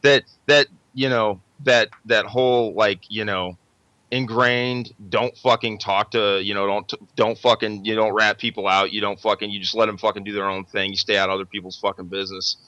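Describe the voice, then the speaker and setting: Bright, tense-voiced host on a dull line. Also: male voice, on the low side, steady tone, no echo. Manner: loose, profane, halting restarts. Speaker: podcast host. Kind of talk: casual chat. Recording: dry, dull lo-fi sound.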